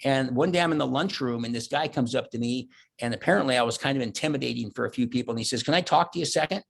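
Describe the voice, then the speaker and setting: A man's voice: mid-range voice, fast, gravelly. A middle-aged man giving a motivational keynote, telling stories and acting out his own thoughts and quotes. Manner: animated storyteller, voices his own inner thoughts and quotes. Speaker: keynote speaker. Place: virtual conference talk.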